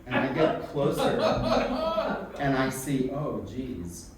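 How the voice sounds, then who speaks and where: A man telling a personal story to a live audience in an animated, self-mocking and frank way, swearing freely. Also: medium pitch, slow pace. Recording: echoey room from a distant mic with background noise.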